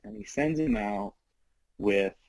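Man, lowish voice, casual animated storyteller, filler-heavy, dry recording. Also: slow, no room sound, rough recording. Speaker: storyteller recounting his mission.

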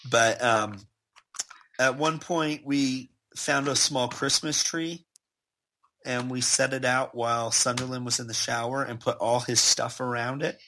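A man telling stories in a casual chat, animated and quick to laugh as he acts out people he quotes. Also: mid-range voice, a little hiss or hum. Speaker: guest. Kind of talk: casual storytelling.

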